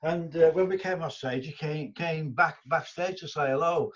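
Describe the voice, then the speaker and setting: A man's voice: fairly high pitch, normal speed, fairly bright tone. An older man from England, telling stories in an interview, rambling with many restarts and fillers. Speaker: guest musician. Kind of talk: casual interview storytelling. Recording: dull lo-fi audio.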